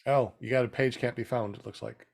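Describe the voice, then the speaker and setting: A man hosting a casual panel podcast, relaxed and quick to agree with his guests. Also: mid-range voice, gravelly. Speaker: podcast host.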